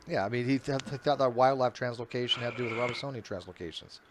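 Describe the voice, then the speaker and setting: A man hosting a casual group video chat. He talks bluntly and teases the others. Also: medium pitch. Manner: fast, blunt, teasing talker. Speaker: channel host.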